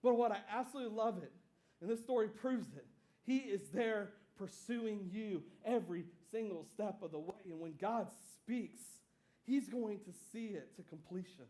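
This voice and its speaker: High-voiced casual preaching man. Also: normal speed. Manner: casual, conversational preaching with fillers and asides; animated storytelling, acting out scenes. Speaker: pastor. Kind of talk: sermon.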